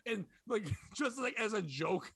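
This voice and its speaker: A man with a high, bright, sharp voice tells a rowdy comedy club story in casual chat. He talks animated and profane, laughing as he goes. The sound is close and dry. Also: unhurried, vocal fry, slightly rough, no echo. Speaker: podcast host and comedian.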